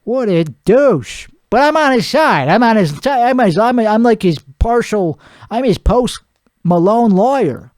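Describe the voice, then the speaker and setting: A man's voice: high-pitched, animated, measured pace, a little mellow, no echo, studio quality. A man playing a crude, boastful podcast host who rambles and laughs at his own jokes. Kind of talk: improvised character comedy monologue.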